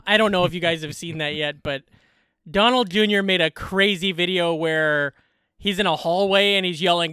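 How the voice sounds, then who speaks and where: Bright, high-voiced joking podcast host. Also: male voice, smooth, no echo, studio quality. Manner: joking, quick, laughs often. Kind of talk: casual comedy podcast chat.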